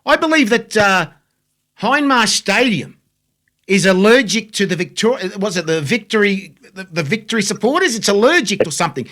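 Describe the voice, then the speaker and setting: A man hosting a football panel, excitable and fond of mild swearing. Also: sits high, normal speed. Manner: excitable, swears, says "mate" often. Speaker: host.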